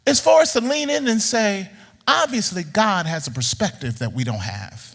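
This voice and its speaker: A man preaching a sermon in a church, animated, repeating words as he builds up and throwing questions at the audience. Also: high voice, normal speed, gravelly, big-room sound. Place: church sanctuary.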